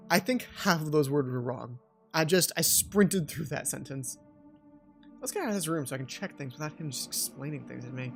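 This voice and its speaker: A man's voice: fairly high pitch, expressive, normal speed, faint music behind. A man doing a let's-play, joking and rambling about the game as he plays. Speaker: gamer doing a playthrough. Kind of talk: playthrough commentary.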